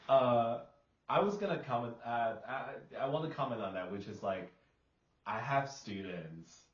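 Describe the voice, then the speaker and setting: A man co-hosting a casual roundtable talk as an English teacher, animated and quick to laugh, with slightly nonstandard English. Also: mid-range voice, roomy sound, highs cut off. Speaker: English teacher and podcast co-host.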